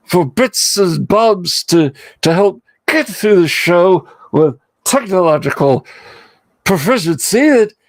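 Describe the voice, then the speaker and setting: A pompous old professor with a lively, high voice that swoops all over, as a man puts him on for his livestream. He talks in a pedantic, plummy put-on accent and chooses every word with overblown formality. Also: slow. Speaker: livestream host.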